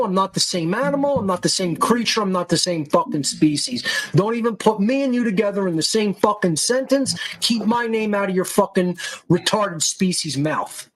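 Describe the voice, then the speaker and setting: A man's voice: high-pitched, animated, normal speed, poor audio. A male podcast host delivering an angry monologue, profane, combative and berating his listeners.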